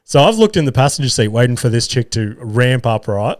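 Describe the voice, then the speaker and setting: An Australian man hosting a podcast, telling a story in a casual, profane, animated and self-mocking way from his garage studio. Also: mid-range voice, brisk, dry recording. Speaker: podcast host. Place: single-car garage studio. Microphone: studio mic.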